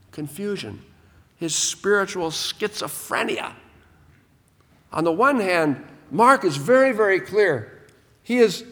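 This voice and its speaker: A man preaches a sermon in a high, lively voice that climbs and falls through each phrase. He slows down to lean hard on key words. The sound carries a long reverb, as in a big hall. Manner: emphatic, lively pitch with slowed, stressed key words. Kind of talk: sermon on a Gospel text.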